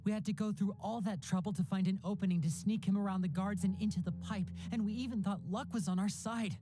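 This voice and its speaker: A woman's voice: mid-range voice, quick pace, close to an everyday voice. A woman voicing a young male stage magician in a video game, earnest and tense as the responsible leader. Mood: anxious. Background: faint game music.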